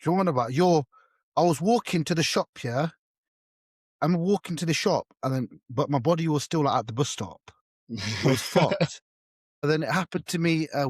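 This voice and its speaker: A man's voice: medium pitch, no echo. Slangy man on a dry mic. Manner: slangy, animated storyteller, swears freely. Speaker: podcast co-host. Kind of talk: casual storytelling chat.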